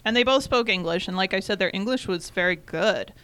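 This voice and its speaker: A woman's voice: medium pitch, fairly quick, fairly bright tone, smooth. A woman from Michigan co-hosting a casual chat, explaining things at length. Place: North Carolina.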